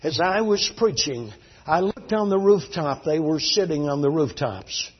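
A man preaching a sermon as a fervent, dramatic storyteller whose voice swings between hushed and loud. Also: on the high side, animated, measured pace, husky. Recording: dull lo-fi recording.

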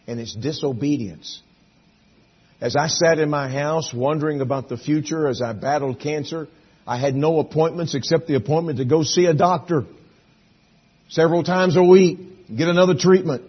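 A middle-aged man preaching a sermon, shifting from hushed, intimate lines to loud, emphatic bursts, with a husky voice. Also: fairly high pitch, moderate pace, muffled recording. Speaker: pastor.

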